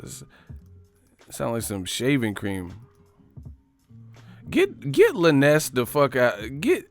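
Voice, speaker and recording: A man's voice: medium pitch, very animated, a little slow, no echo, soft background music. A man from the Bay Area hosting a livestream, riffing in casual, profane slang. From San Francisco Bay Area. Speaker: livestream host.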